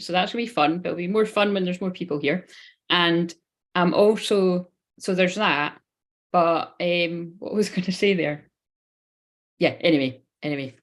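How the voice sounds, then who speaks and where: A woman in her thirties giving a live-streamed card reading, rambling, swearing casually and talking straight to her viewers. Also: lowish voice. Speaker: spiritual reader.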